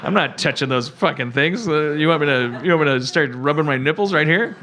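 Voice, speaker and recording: A middle-aged man hosting a podcast, telling stories in halting, rambling casual chat and laughing mid-sentence. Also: fairly high pitch, crowd noise. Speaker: podcast host.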